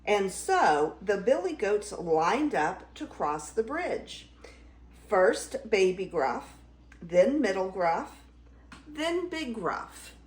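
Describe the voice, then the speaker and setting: Older woman, grandmotherly storyteller, very slow and expressive, echoey room. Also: mid-range voice. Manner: expressive, slow dramatic reading. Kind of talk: reading a fairy tale aloud. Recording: roomy echo.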